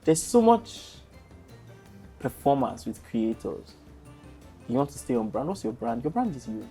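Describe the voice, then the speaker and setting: A young man in his twenties with a Nigerian accent, a podcast guest telling stories in a chatty, animated way. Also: mid-range voice, moderate pace, vocal fry, faint music behind. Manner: animated, chatty, laughs easily. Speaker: podcast guest, content creator. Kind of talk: casual storytelling interview.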